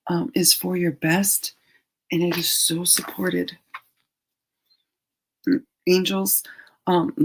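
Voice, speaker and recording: A woman hosting a live angel card reading, chatty and gently reassuring, sometimes dropping into soft asides. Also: lowish voice, husky, low-quality recording.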